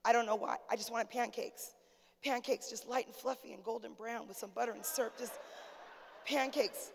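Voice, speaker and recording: A woman's voice: fairly high pitch, fairly even intonation, normal speed, vocal fry. A woman pastor preaching a sermon in a conversational, humorous way, calling out to the congregation. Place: church sanctuary. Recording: long church reverb.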